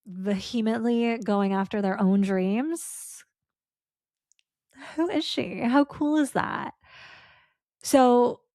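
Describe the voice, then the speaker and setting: A woman's voice: mid-range voice, gravelly, darkish tone, no room sound, studio quality. A young adult woman hosting her own podcast, talking in a heartfelt, effusive and chatty way, with casual fillers and the odd swear word. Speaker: podcast host. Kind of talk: casual solo podcast reflection.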